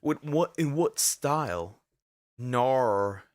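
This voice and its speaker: A man's voice: medium pitch, expressive, extremely slow, no echo, studio quality. A man streaming as a VTuber, rambling and stammering through jokey reaction commentary. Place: lives in Germany.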